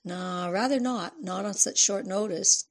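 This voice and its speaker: A man's voice: high-pitched, unhurried, fairly bright tone, exaggerated voice. A woman voicing a weary older male writer who talks in a blunt, offhand way, in a storybook reading.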